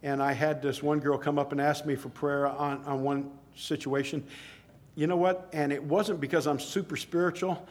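A man's voice: on the high side, flat delivery, moderate pace. Conversational man preaching a sermon. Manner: conversational, rising to emphatic exclamations.

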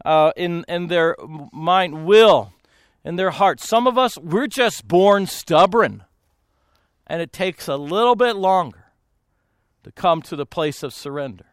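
A man speaking as a pastor in a storytelling talk, animated, laughing often and acting out the voices of people in his stories. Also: sits high, measured pace, clean tone, dry recording.

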